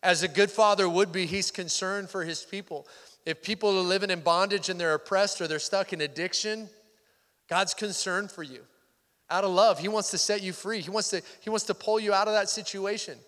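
Man, pastor, Sunday sermon, chatty then hushed, long church reverb. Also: sits high, steady tone, a little fast. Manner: conversational, drops to near-whisper for intimate points. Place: church sanctuary. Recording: hall reverb.

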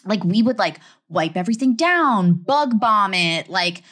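An animated woman telling a story in casual conversation, her voice bright and her pitch swinging widely. She talks loosely, packing her sentences with "like.". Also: a little slow. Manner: animated, lots of "like" fillers, acts out quotes.

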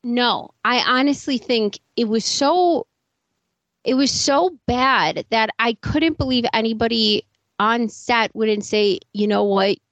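A woman's voice: a little high, slow pace, a bit bright, no echo, rough recording. Blunt woman in her thirties. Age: 30s. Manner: blunt, swears freely. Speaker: podcast co-host. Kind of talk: casual commentary chat.

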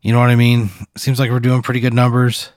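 A man's voice: medium pitch, completely flat delivery, fast talker, darkish tone, no echo. A man with a mid-range voice answers an absurd hypothetical with reluctant disbelief, swearing freely in easygoing talk. The sound is dry and close. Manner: reluctant, incredulous, swears a lot, plays along with the bit. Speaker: podcast co-host. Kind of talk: casual chat.

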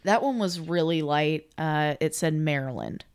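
A woman co-hosting a casual podcast, calm and matter-of-fact as she plays clips. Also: low-pitched, unhurried, clear, resonant tone. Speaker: podcast co-host. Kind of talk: casual chat.

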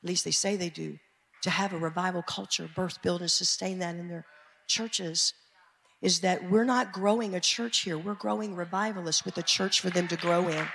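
A woman pastor with an American country accent, preaching a fervent sermon that swings from shouting to quiet asides. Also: on the low side, steady tone, normal speed, creaky. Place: church sanctuary. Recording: echoey church hall.

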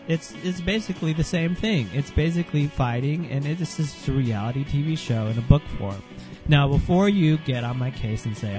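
Guy ranting on his podcast, kinda sick, mellow voice, sarcastic, soft guitar behind. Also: medium pitch, lively intonation, moderate pace. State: under the weather, a bit sick. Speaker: podcast host. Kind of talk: solo podcast rant.

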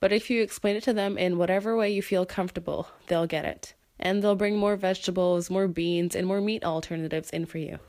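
Young woman, stuffy nose, low voice. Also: steady tone, fairly quick, hardly any pauses, a little mellow. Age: young adult. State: nasal from a cold. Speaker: podcast host. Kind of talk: scripted podcast monologue.

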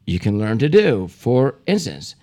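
A man's voice: mid-range voice, very animated, a little slow, darkish tone. A tipsy man co-hosting a podcast, trying to read out a silly word game and stumbling over the words as he keeps breaking into giggles. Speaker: podcast co-host.

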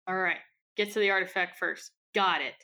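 A woman in a tabletop game session. Her voice is bright and forceful. She jumps in with eager, feisty questions. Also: on the low side, measured pace. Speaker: player. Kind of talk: tabletop role-play chat.

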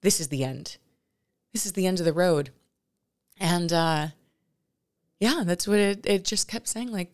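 Low, gravelly-voiced woman telling a story. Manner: rambling, halting, full of self-corrections; soft-spoken, drifting into near whispers. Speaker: vlogger. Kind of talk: reflective personal storytelling.

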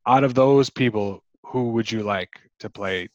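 Low-voiced man chatting about movies. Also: a little slow, dry recording, lo-fi sound. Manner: rambling, chatty with many fillers. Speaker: podcast co-host. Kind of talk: casual movie discussion.

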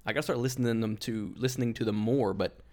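A man's voice: mid-range voice, fast talker, darkish tone. A man co-hosting a podcast in casual chat, joking and teasing the others. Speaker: podcast co-host.

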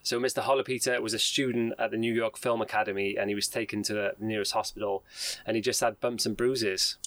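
A man's voice: on the low side, flat delivery, fast, a bit bright, no echo, low-quality recording. A man co-hosting a podcast, casually retelling a news story and reading quotes aloud with ums and restarts. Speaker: podcast co-host.

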